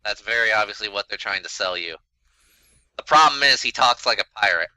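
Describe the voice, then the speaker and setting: A man's voice: on the low side, animated, brisk, pushed and bright, smooth, no room sound, low-quality recording. A man in a casual podcast discussion, blunt and exasperated, who swears freely.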